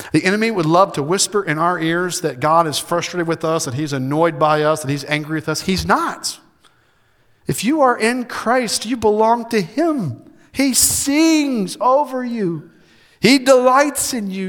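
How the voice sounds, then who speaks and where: A male pastor delivering a sermon, his fairly high voice rising to urgent emphasis and then dropping soft and close. The sound rings with the long reverb of a large hall. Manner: emphatic, swings between loud preaching and soft intimate delivery.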